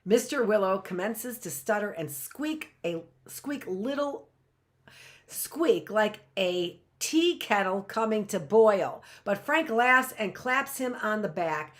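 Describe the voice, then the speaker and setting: A woman hosting a live reading, narrating a novel in an expressive, lively way. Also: medium pitch, slow. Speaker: host reading a book aloud.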